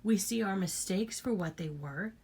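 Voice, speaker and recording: A woman's voice: mid-range voice, normal speed, a little mellow, slightly rough. A woman giving an earnest, blunt spiritual talk to her viewers, repeating her points and swearing freely. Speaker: spiritual channel host.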